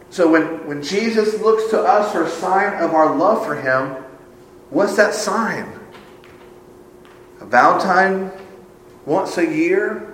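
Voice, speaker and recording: A male pastor delivers a sermon in a church sanctuary, his voice ringing through the room. He drops to hushed, low phrases and then rises to emphatic declarations. A faint hum of ambience sits behind him. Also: reverberant, poor audio.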